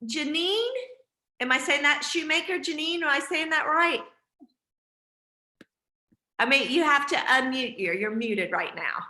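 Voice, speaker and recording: A woman's voice: high-pitched, animated, measured pace, long pauses, bright, forceful tone, echoey room. A woman hosting a casual team video call, chatty and encouraging with lots of fillers.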